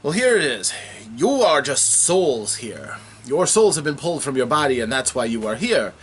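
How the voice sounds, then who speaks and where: A calm, hooded male aspect of the god of magic from a tabletop game recap, voiced by a man telling the story. He speaks in a measured, questioning way, and his pitch rises and falls widely. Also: a little hiss or hum, natural voice.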